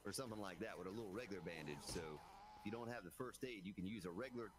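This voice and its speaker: Chatty low-voiced man streaming a game. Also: rapid-fire. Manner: chatty, talks straight to viewers as folks. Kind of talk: live gameplay commentary. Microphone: broadcast dynamic microphone.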